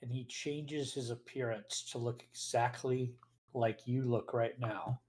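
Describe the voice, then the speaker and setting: A man at mid pitch narrates a tabletop game as its game master. He describes scenes step by step and explains rules in a plain, matter-of-fact way, talking into a mic on a call. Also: steady tone, measured pace, darkish tone.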